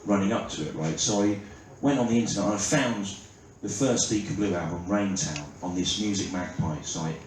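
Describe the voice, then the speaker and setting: A man's voice: low-pitched, normal speed, few pauses. A man doing a stand-up routine, self-mocking and sardonic, with frequent "right?" asides. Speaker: stand-up comedian. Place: large theatre stage. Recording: echoey theatre from far off, loud noise. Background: audience laughter.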